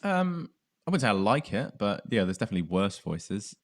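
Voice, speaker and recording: A man's voice: fairly low pitch, sing-song, brisk. A man with a southern English accent hosting a podcast in casual chat, laughing often. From south of England. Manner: laughs often, puts on silly voices. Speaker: podcast host.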